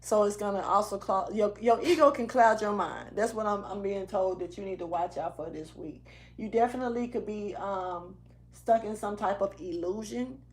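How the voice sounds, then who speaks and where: Woman reading tarot, slangy and rambling, wanders off the mic now and then, mid pitch. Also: normal speed, a little mellow. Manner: loose, slangy and rambling, half-rapping at times. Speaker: tarot reader. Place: indoors, moving around the room.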